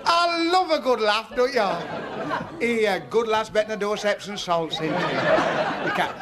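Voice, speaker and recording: A man's voice: high voice, moderate pace, over a noisy crowd, heavy background noise. A man with a Northern English accent telling stand-up jokes in a chatty, folksy dialect before a live audience. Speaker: stand-up comedian.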